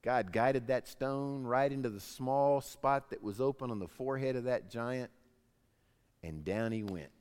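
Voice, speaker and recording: A man preaching a sermon as pastor, telling stories with lively voices. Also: mid-range voice, measured pace, smooth, in a large hall. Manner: animated storytelling, acts out voices in anecdotes.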